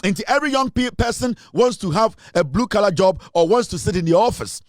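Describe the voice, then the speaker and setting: A man's voice: sits high, expressive, fairly quick, dry recording, studio quality. A man with a Ghanaian accent hosting an impassioned commentary show, preaching and repeating lines for emphasis. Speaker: show host. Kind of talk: impassioned commentary mixing English and Twi.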